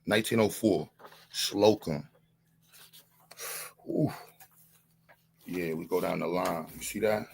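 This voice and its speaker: A man's voice: deep voice, takes it slowly, vocal fry, pauses often, a little mellow, a little hiss or hum. A man on a live-stream panel, boasting and taunting, leaning on the same catchphrases again and again in a heated rant.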